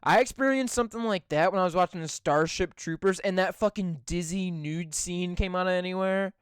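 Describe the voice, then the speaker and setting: A man's voice: sits high, a little fast, clean tone, no room sound, studio quality. A young man co-hosting a casual podcast, rambling and swearing constantly as he rants. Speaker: podcast co-host. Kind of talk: casual profane chat.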